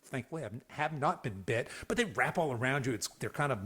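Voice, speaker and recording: A man in his fifties from the Southeastern US hosts a podcast, telling a story in a casual, folksy, animated way with lots of restarts and laughs. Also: mid-range voice, fast, husky. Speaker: podcast host.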